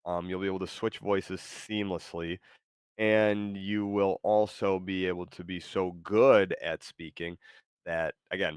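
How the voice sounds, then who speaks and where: A man hosting a casual stream and talking to an AI, with a halting, filler-heavy delivery. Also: deep voice, clean tone, no room sound, studio quality. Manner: halting, full of fillers and restarts. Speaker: streamer host.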